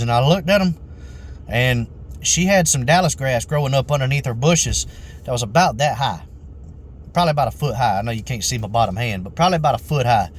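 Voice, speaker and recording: A man's voice: medium pitch, normal speed, long pauses, a little hiss or hum. Earnest young man retelling a dispute. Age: young adult. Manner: calm, earnest retelling, repeating "I said" constantly. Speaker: landscaping business owner. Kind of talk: casual storytelling vlog.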